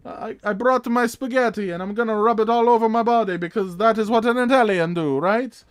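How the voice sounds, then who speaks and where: Over the top italian beach guy, loud and high, a guy hamming it up. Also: fairly quick, close to an everyday voice. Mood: boastful. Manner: exaggerated comic put-on accent, high and loud. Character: loud brash Italian beach man in a speedo.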